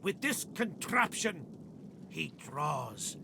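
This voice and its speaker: An actor voicing an ancient monstrous male leech creature in a video game, bitter and boastful, with a hollow, drawn-out delivery. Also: on the high side, big pitch swings, vocal fry, background noise, exaggerated voice. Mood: scornful.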